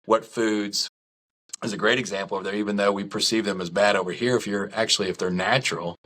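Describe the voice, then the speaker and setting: Bright, forceful middle-aged man. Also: lowish voice, fairly quick. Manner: lively storytelling, candid and self-deprecating. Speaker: podcast guest. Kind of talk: casual chat.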